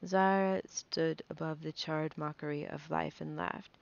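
A woman with a low, gravelly voice reads a fantasy novel aloud, nervous and quick to stumble and correct herself. The recording is dull and lo-fi. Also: fairly even intonation. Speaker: reader.

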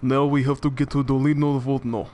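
A man putting on a mock Russian accent, playing a jokey male gamer in a hammy, deliberate way. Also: medium pitch, little pitch movement, a little mellow, slight background noise, close to an everyday voice.

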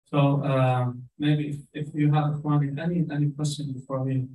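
A man's voice: a little high, level tone, moderate pace, narrow, tinny audio. A man with an Arabic accent, speaking Arabic natively, teaches Quranic Arabic in an informal lecture, earnestly restarting his phrases as he goes. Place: community center hall. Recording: echoey hall, from far off.

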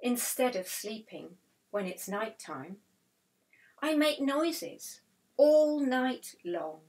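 A tired little cricket from a children's storybook frets in a plaintive, teary voice. A woman puts it on while reading aloud. The lines come slowly and softly. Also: fairly high pitch, big pitch swings, pitched above the performer's own voice, heavily acted. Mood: distressed. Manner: plaintive, sobbing.

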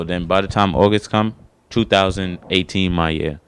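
A young stand-up comedian does his first set on a small studio stage, rambling, slangy, and poking fun at himself. His voice is low, at a moderate pace, with a clean tone and no room sound.

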